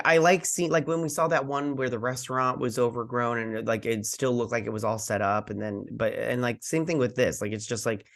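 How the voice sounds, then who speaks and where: A man hosting a casual video review, retelling scenes in a rambling way with many fillers. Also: mid-range voice. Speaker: host.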